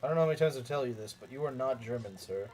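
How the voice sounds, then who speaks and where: A man's voice: mid-range voice, rapid-fire, darkish tone, soft background music. A young man commenting casually on a strategy game as he plays, rambling, repeating himself and making jokey asides to his chat. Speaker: let's play streamer.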